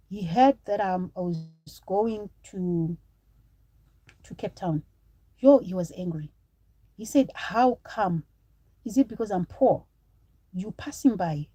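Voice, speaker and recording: A woman's voice: medium pitch, dark tone, breathy edge, dry recording, rough recording. A woman from Zimbabwe in her thirties, chatting on a live stream, telling a personal story to viewers and breaking off to thank supporters.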